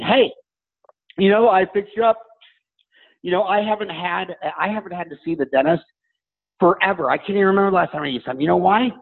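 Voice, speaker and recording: A middle-aged male dentist telling lively stories as a podcast guest, acting out his talks with patients. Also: sits high, creaky. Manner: animated, acts out dialogue with patients. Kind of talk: energetic storytelling interview talk. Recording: tinny phone-like audio.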